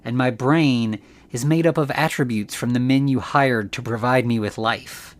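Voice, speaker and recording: A man's voice: medium pitch, normal speed, lightly acted. A man voicing a young man built from dead men's parts, speaking matter-of-factly in a movie retelling. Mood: calm. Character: young man built from corpses, calm and flat.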